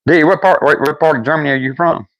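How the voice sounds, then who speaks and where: An older man with a Deep South accent, hosting a livestream and chatting casually with viewers in a folksy, rambling way. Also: quick pace, a bit bright, no room sound. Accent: Deep South American. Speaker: livestream host.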